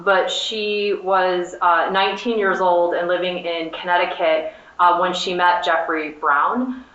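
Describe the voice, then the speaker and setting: Woman panelist, bright voice, measured, lots of fillers, echoey room. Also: lowish voice. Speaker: conference panelist. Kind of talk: panel presentation. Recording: echoey, dull conference room audio.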